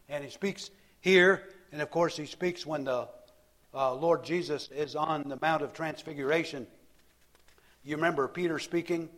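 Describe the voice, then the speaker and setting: A man's voice: a little high, fairly bright tone. A man preaching a sermon, telling the story with frequent repeated words and restarts.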